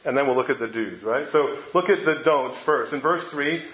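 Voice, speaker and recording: Pastor preaching in an echoey church. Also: male voice, fairly high pitch, lively intonation. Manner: conversational, halting with fillers and restarts. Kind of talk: sermon. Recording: echoey, dull lo-fi room sound.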